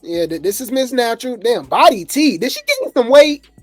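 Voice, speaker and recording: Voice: mid-range voice, very animated, normal speed, no room sound. A laid-back gossip host rambles through reality TV commentary, drifting between thoughts with plenty of fillers and easy chuckles. The voice is close and dry, with faint music underneath.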